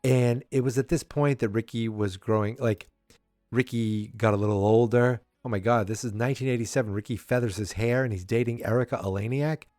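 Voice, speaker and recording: A man's voice: mid-range voice, steady tone, fairly quick, darkish tone, no echo, studio quality, soft background music. A man hosting a podcast, casually recapping a sitcom episode in a rambling, chatty way with wry asides. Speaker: podcast host.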